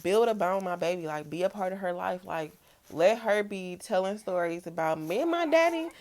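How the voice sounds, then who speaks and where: A young woman, talking in a casual, reflective vlog, soft-spoken and relaxed. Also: on the low side, brisk. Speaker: vlogger. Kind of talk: personal reflective vlog talk.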